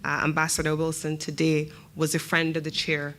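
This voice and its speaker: A middle-aged woman from Barbados with a Barbadian accent, speaking as a government minister in a measured, emphatic formal speech. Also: low-pitched, completely flat delivery, a bit bright. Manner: measured, emphatic, rhetorical questions.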